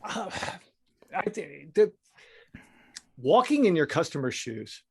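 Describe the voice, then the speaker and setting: A man's voice: a little high, sing-song, slow, vocal fry, slightly rough. A man appearing as a guest on a podcast, a speaker and trainer who talks reflectively and often agrees with short interjections.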